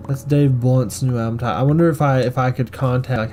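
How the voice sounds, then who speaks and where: Casting note: young male gaming streamer, mellow voice, rambling jokey commentary. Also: medium pitch, steady tone, fast talker, faint music behind. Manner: rambling, joking, self-mocking. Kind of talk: casual gameplay commentary.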